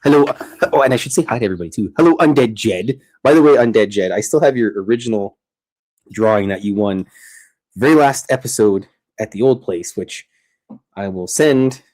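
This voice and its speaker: Here a man with a fairly low, darkish voice speaks at a fairly quick clip. He's hosting a laid-back livestream from his home art studio, drawing as he chats, and he rambles, interrupting himself mid-sentence.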